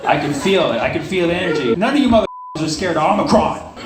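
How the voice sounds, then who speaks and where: A man's voice: fairly high pitch, lively intonation, fast talker. A male stand-up comedian doing a brash, profane set with crowd work at a comedy club. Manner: brash, profane, riffing with the audience. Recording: roomy live club with crowd noise. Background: audience laughter.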